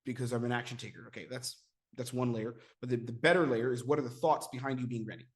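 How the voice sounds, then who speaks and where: An American man in a mid-pitched voice coaches viewers on closing sales. He talks with lively energy and calls his viewers guys. He slips into role-play of his calls with prospects. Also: fast talker. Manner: energetic, addresses viewers as guys, acts out sales-call dialogue. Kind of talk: teaching sales technique to camera.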